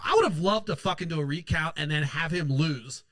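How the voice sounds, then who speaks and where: A man's voice: a little high, a little fast, hardly any pauses, fairly bright tone, no echo. A man hosting a political show, ranting angrily and sarcastically, swearing constantly and mocking opponents in put-on quotes. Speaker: political podcast host. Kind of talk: profane political rant.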